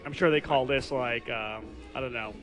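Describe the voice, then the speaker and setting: A man's voice: mid-range voice, normal speed. Man rambling in a noisy pub. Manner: rambling, full of fillers and restarts. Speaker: podcast host. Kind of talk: casual chat. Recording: pub with clear background music.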